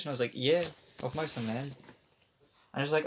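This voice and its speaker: A young man's gravelly voice sits on the high side, moving fairly quickly but broken by long pauses. Hosting a casual podcast, he tells a rambling, sweary story and mimics others in quotes, with faint background noise behind him.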